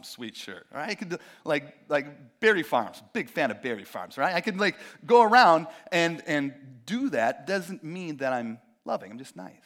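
A man preaching a sermon in a conversational, animated way, acting out quoted voices and making jokey asides. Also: a little high. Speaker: pastor.

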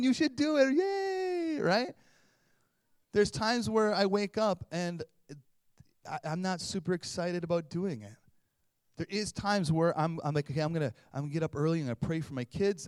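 A man in his thirties delivers a relaxed sermon as a pastor, chatty and animated, slipping into little voices to act out stories. His voice sits a touch high. The sound is dry and close. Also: no echo. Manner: conversational, animated, acts out voices. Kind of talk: casual sermon.

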